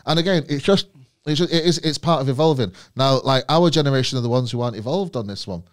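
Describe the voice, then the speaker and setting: A man's voice: medium pitch, quick pace. Comedian guy ranting on a podcast, swears a lot, really emphatic. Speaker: comedian guest. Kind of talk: casual chat.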